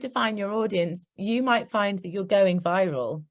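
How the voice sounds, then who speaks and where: Speaking a little slowly in a medium pitch, a British woman gives an instructive marketing workshop that stays upbeat and practical, with chatty tangents, all while hiccuping.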